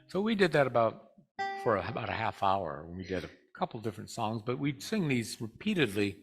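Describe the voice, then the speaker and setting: A man giving a Sunday talk to a spiritual community. He tells a personal story in a relaxed, rambling way, stops often on "uh", and speaks directly to the congregation. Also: fairly low pitch, over music. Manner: relaxed, rambling, with frequent "uh" pauses.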